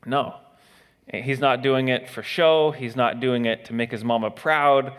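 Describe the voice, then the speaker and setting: A man delivers a sermon in a relaxed, conversational way. His voice sits at an ordinary middle pitch and is broken up by frequent filler sounds as he gathers his thoughts. The recording carries the long reverb of a large church hall. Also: normal speed, smooth. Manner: conversational, frequent uh fillers, acts out quoted attitudes. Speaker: preacher. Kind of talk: expository sermon.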